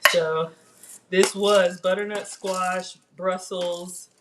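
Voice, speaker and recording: A woman's voice: on the low side, little pitch movement, extremely slow, heavy background noise. A middle-aged woman hosting a casual home cooking livestream, chatting and reading viewer comments aloud from her kitchen.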